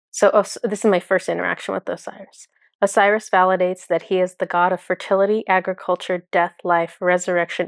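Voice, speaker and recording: A woman's voice: fairly low pitch, creaky, dry recording, clean studio sound. A woman speaking as a spiritual channeler in a casual, enthusiastic monologue full of fillers. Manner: chatty, filler-heavy, enthusiastic.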